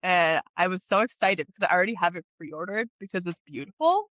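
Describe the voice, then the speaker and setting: Woman podcast co-host, bright voice, giggly, dry room, slightly muffled lo-fi sound. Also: on the low side, no room sound. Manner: giggly, quick when excited. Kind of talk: casual chat. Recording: slightly dull lo-fi audio.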